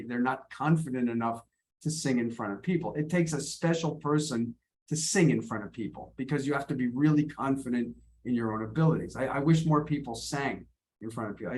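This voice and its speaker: A man's voice: mid-range voice, darkish tone. A man teaching English in an online video class, encouraging and often repeating his words as he coaches students. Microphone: video call.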